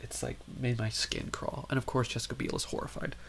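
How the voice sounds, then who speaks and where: Rambling male film host, gravelly, casual recap with soft noise behind. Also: mid-range voice, little pitch movement, a little fast. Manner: rambling, lots of "like" and "um".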